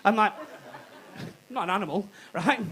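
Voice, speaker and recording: High-voiced brash comedian. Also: male voice, animated, takes it slowly, a bit bright, poor audio. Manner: brash, cheeky and swearing, laughing at his own jokes. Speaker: stand-up comedian. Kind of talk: stand-up comedy routine. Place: comedy club stage.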